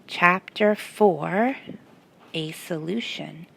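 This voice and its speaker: A woman's voice: on the low side, very slow, gravelly, fairly bright tone. A woman reading a picture book aloud to children and stopping to ask them questions. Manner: asks the listeners questions. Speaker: storyteller.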